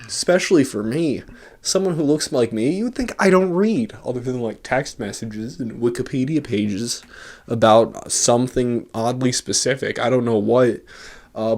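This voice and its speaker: A man's voice: mid-range voice, a little mellow. A man ranting casually in his own vlog, rambling and self-mocking with a sarcastic edge, into a large studio microphone. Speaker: vlogger.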